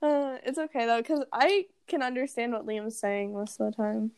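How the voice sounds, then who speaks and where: A woman's voice: on the high side, normal speed, a little mellow, clear, resonant tone. A woman in casual fan chat, giggling often and filling her talk with "like" and "um". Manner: giggly, filler-heavy fan chatter.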